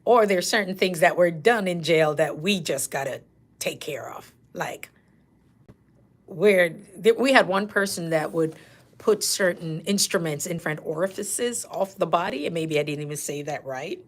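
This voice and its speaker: A middle-aged woman host telling casual, animated stories from her nursing work, laughing and acting out patients' lines. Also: lowish voice, normal speed. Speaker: nurse coach and channel host. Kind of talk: casual storytelling.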